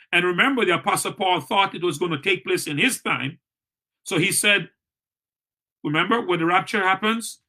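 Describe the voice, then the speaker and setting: Male pastor, high bright voice, earnest Bible study teacher who repeats his points. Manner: earnest, repeats key points, asks and answers his own questions.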